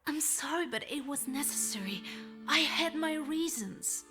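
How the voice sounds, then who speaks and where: An actress playing a proud, defiant occult scholar in a story game, speaking in a cool, self-assured way. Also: female voice, sits high, expressive, unhurried, over music.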